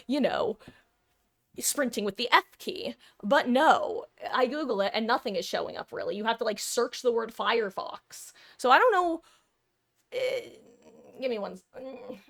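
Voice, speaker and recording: High-voiced woman streamer, rambling and flustered. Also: a bit bright. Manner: rambling, frustrated, stammering restarts. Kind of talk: live gaming stream chat.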